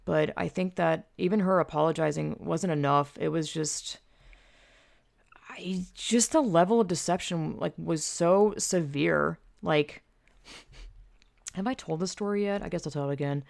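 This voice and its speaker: Low, gravelly woman rambling casually. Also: a little slow, a little mellow, no room sound, studio quality. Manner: rambling, full of fillers and swearing. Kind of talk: casual storytelling monologue.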